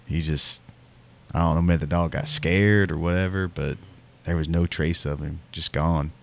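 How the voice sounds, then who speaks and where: Deep-voiced man telling a rambling story. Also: steady tone, normal speed, gravelly. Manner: rambling, lots of fillers and restarts. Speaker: podcast co-host. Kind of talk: casual storytelling.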